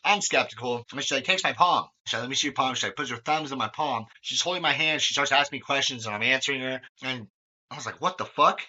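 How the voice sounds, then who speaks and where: A man's voice: medium pitch, quick pace, pushed and bright. A young man hosting a podcast, talking candidly in a rambling way with lots of fillers and swearing. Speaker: podcast host. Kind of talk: candid conversational chat. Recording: dull lo-fi sound.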